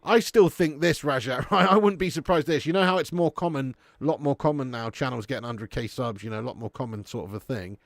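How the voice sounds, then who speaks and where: A man's voice: mid-range voice, brisk, vocal fry, few pauses, no room sound. A young man hosting a live football watch-along, swearing and bantering with his chat. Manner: sweary banter, bursts into shouting commentary on goals.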